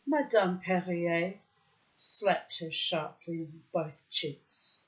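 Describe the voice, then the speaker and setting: A woman reading a story aloud as narrator, in a measured, even narrating voice. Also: fairly low pitch. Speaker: audiobook narrator. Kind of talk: scripted narration. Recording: dull lo-fi recording.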